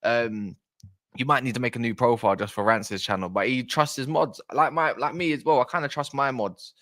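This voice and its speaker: A chatty man from South East London hosts a football livestream, shouting out viewers and reading the chat aloud in casual conversation. His voice is medium-pitched and a little fast.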